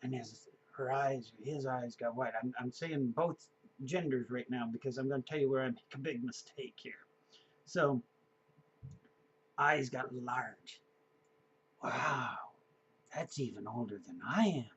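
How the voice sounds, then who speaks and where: A man's voice: mid-range voice, fairly even intonation, measured pace, muffled recording, a little hiss or hum. A man in his fifties telling a personal story in a casual, rambling way, with many fillers and chuckles. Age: 50s. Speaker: vlogger.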